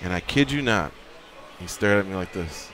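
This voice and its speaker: A low-voiced man co-hosts a radio show from the studio, telling a rambling story at a moderate pace in casual chat. He is animated, swears, and acts out what people said. There's a little hiss or hum on the recording.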